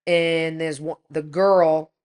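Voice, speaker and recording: A woman in her forties, a podcast co-host, telling an animated story in casual chat and swearing freely. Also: deep voice, takes it slowly, clean tone.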